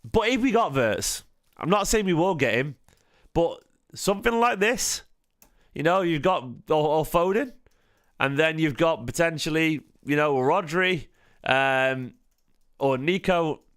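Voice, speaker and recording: A man's voice: on the high side, expressive, a little slow, fairly bright tone. A tired man, hosting a casual football fan stream, rambling with frequent restarts and questions to his chat. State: tired, half asleep. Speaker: football fan channel host.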